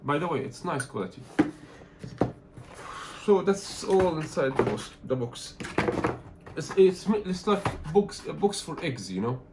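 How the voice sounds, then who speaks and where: A man from Egypt, not an English speaker, talking through an unboxing as a tech reviewer, animated and complaining in loose phrasing. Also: fairly high pitch, normal speed, pauses often, heavy background noise. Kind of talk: casual unboxing vlog.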